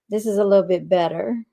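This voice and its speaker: A woman's voice: medium pitch, creaky, dark tone, no room sound. A woman in casual chat, narrating what she does on screen. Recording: dull noisy stream audio.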